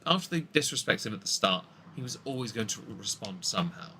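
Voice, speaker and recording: A man's voice: lowish voice, expressive, quick pace, noisy background. A man co-hosting a casual political commentary show, blunt and opinionated, often restarting his sentences. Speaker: podcast co-host.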